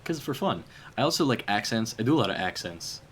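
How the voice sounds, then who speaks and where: A man streaming a puzzle game, talking in a loose, rambling way and breaking into laughter often. His voice sits on the lower side, with a faint hiss of background noise. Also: big pitch swings, quick pace, fairly bright tone. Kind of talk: casual gaming stream chat.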